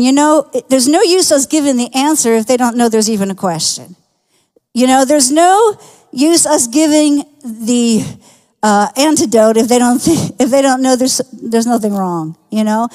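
A woman's voice: a little high, darkish tone. An older woman giving an earnest, conversational testimony sermon in a church, often restarting her phrases. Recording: long reverb of a large hall.

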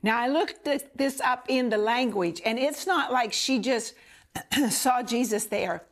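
A woman's voice: a little high, a little slow. A woman preacher telling a scripture story in an emphatic, repetitive way, often asking the listener questions. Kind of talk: sermon.

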